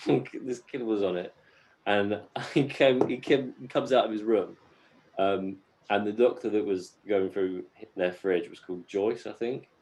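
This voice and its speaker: A man's voice: lowish voice, measured pace, background noise. A man co-hosting a podcast in casual chat, rambling and laughing as he tells stories. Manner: rambling, laughs while telling stories, slips into silly voices. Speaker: podcast co-host.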